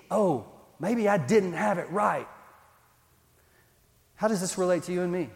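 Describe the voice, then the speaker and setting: A man's voice: sits high, darkish tone. A male pastor, preaching a sermon in a conversational, emphatic way. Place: church. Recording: long reverb in a church hall.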